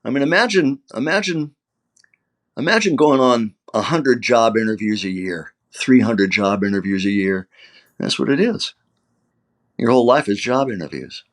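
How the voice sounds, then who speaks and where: A man's voice: mid-range voice, expressive, moderate pace. An older male actor being interviewed, telling emotional anecdotes and acting out quoted lines. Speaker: actor guest. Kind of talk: conversational interview storytelling.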